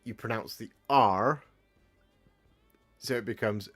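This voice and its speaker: A man's voice: lowish voice, lively intonation, moderate pace, fairly bright tone. A young man with an English West Country accent, chatting casually on a live stream and answering viewers' questions. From Gloucestershire, England. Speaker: streamer painting miniatures. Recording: faint music behind.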